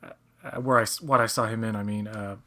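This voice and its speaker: A man's voice: on the low side, fairly even intonation, normal speed, bright, forceful tone. A man hosting a casual fan commentary podcast, teasing and joking with his guest. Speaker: podcast host.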